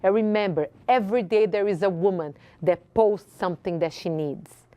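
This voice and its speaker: A woman's voice: mid-range voice, moderate pace, no room sound, muffled recording. A woman from Brazil with a Brazilian Portuguese accent, hosting and giving a passionate inspirational speech with repeated phrases for emphasis. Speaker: host.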